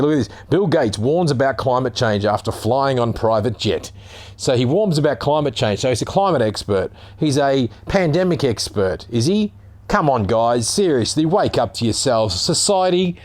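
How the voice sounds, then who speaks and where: A man's voice: medium pitch, lively intonation, brisk, a little mellow. Ranting Australian man. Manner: heated, sarcastic, swearing, rising to exclamations. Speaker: vlogger. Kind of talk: ranting commentary reading a news article.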